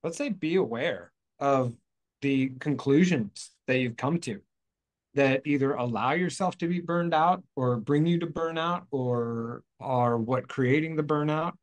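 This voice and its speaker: A man's voice: mid-range voice, unhurried. A man hosting a spiritual talk show, talking casually in a rambling, playful way, correcting himself as he goes. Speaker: host. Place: outdoors in hot weather.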